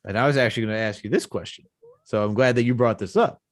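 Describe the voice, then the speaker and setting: A male podcast co-host, talking sports in a casual, animated, rambling way. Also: fast talker, no room sound, clean studio sound. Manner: animated, rambling, jumps in pitch when excited.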